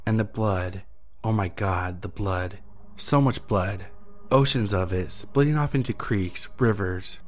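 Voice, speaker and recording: A man's voice: fairly low pitch, measured pace. A man narrating a first-person horror story in an intense, anguished manner. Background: faint music.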